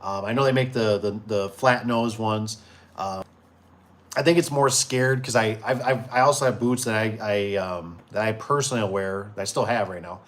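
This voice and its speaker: A man's voice: on the low side, fairly even intonation, moderate pace. A man in his forties hosting a casual livestream for his door and gate business. He reads viewer comments aloud and rambles easily, with many fillers and restarts. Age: 40s.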